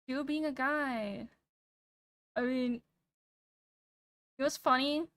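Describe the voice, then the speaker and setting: A young woman streaming casual chat, soft-spoken and a bit monotone, rambling and pausing every few words while she thinks. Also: high voice, clear, resonant tone, no room sound. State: sick. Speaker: VTuber streamer. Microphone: streaming mic with noise gate.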